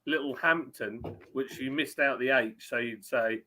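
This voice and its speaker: A man's voice: mid-range voice, moderate pace, bright, forceful tone. A man hosting a casual live stream, chatting and greeting viewers by name. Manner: chatty, reads out viewer names.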